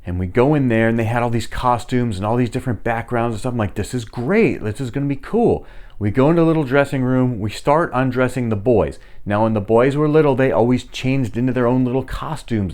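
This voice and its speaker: A man's voice: mid-range voice, quick pace, hardly any pauses. A middle-aged man casually telling rambling stories while giving a tour of his home. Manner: chatty, rambling, animated when retelling. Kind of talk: casual storytelling.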